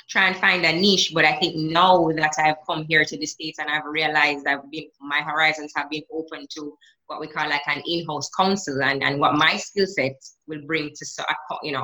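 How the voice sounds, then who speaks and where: A woman's voice: sits low, bright, forceful tone, poor audio. A Jamaican woman in her thirties, a guest in a conversational interview, reflective and prone to restarts.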